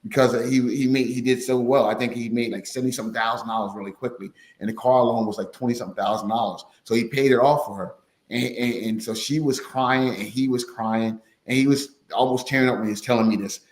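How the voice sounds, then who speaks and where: A man telling stories in a rambling, animated way, often repeating his words, as a guest on a money podcast. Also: medium pitch, quick pace. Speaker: podcast guest, finance course teacher. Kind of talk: casual storytelling chat. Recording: roomy echo.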